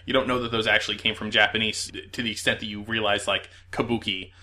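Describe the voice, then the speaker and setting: A man's voice: lowish voice, level tone, fast talker, pushed and bright. A man in a casual podcast chat, enthusiastically explaining where words come from. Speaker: quiz host explaining loan words.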